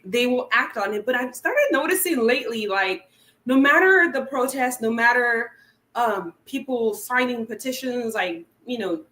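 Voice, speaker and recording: A woman's voice: a little high, fairly bright tone. Chatty woman on a livestream, roomy sound. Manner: chatty, laughs often, many fillers. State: teary burning eye. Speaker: wildlife channel host. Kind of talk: casual livestream chat.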